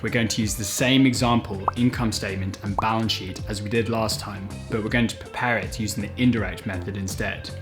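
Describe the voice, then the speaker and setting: Low-voiced man teaching accounting basics. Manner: clear, methodical, step-by-step explaining. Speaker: host of an accounting lesson channel. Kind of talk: scripted educational explainer.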